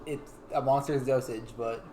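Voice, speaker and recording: A man playing in a tabletop game, talking in quick stammering bursts. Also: mid-range voice, steady tone. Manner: stammering, rushed. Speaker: player. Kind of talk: casual tabletop play. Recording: echoey room, background noise.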